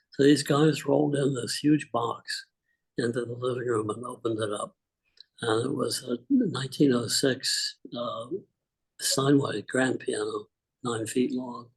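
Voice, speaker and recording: An older man telling relaxed, rambling personal stories on a group video call, with many fillers. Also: medium pitch, vocal fry, breathy edge, low-quality recording. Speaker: call participant. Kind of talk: casual storytelling on a group call.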